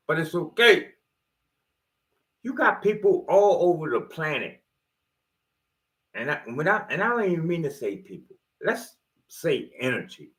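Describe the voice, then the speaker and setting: Pitched fairly high with a fairly bright tone, this man rambles through a preachy motivational monologue as a video host. He talks street-style and slangy, tossing in offhand jokes and profanity.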